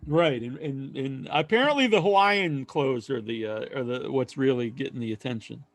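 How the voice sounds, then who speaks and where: A man co-hosting a podcast, telling a long story in casual chat and acting out other people's lines loudly. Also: mid-range voice, normal speed, no room sound. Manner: rambling storyteller, acts out quoted voices loudly. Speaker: podcast co-host.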